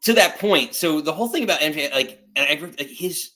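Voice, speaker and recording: A man's voice: on the high side, lively intonation, fairly quick, pushed and bright. A man co-hosting a casual wrestling podcast, giving opinions in a rambling way with many restarts. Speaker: podcast co-host.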